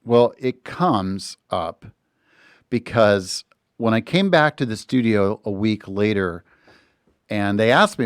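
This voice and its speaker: A man's voice: lowish voice, takes it slowly, no room sound. A middle-aged man hosting a podcast from a recording studio, telling a story casually and animatedly, acting out other people's lines as he goes. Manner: animated, slips into voices when quoting others. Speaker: podcast host.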